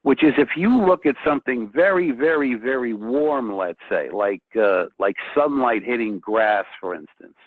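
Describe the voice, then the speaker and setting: Excitable man over a tinny line. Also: mid-range voice, moderate pace, hardly any pauses, no room sound. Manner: excitable, restarts often. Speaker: guest painter. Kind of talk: casual chat. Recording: tinny phone-like line, dry.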